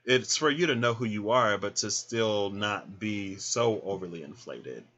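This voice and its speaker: A man giving a casual tarot reading, chatty and animated, who laughs often and acts out little scenes. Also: lowish voice, unhurried, muffled recording. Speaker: tarot reader.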